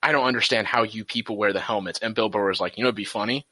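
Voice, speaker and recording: Low, bright-toned young man, laid-back. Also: very fast, no room sound. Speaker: podcast guest. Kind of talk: casual podcast chat.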